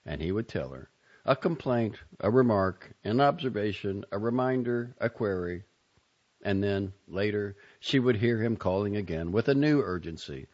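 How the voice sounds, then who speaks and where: A man reading short fiction and poetry aloud with an expressive, dramatic delivery, in a dull lo-fi recording. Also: on the low side, normal speed. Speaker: reader.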